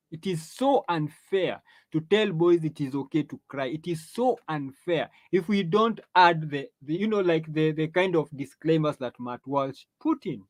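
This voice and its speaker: A man's voice: on the high side, dry recording. A man hosting an opinion monologue, lecturing emphatically, drawing out stressed phrases, with frequent restarts and rhetorical questions. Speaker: host.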